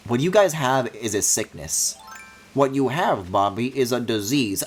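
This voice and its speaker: A man streaming a video game, thinking aloud in a low mumble and breaking into high, excited squeals and mock-outraged swearing. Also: a little slow, breathy edge, faint music behind. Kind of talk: live-streamed gameplay commentary.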